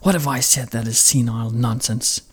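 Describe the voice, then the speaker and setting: A man reading the lines of an enraged old warlord father, indignant and shouting. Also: medium pitch, fairly even intonation, moderate pace, husky, close to an everyday voice. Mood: outraged.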